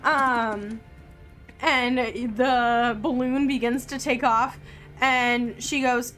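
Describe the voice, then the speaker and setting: Slow, relaxed woman game master. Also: fairly high pitch, faint music behind. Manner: relaxed, with frequent ums and likes. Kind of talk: narrating a tabletop game.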